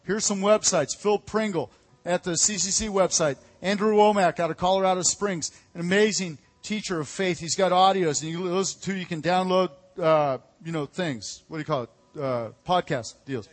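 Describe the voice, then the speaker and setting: A man preaching a sermon as pastor, energetic and conversational, calling out to his congregation. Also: high-pitched, normal speed, faint music behind. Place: church hall. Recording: echoey hall.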